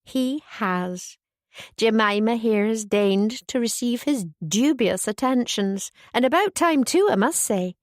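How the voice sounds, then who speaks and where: A woman's voice: a little high, animated, slow, no echo. Woman putting on a fond proud older village lady, close and dry.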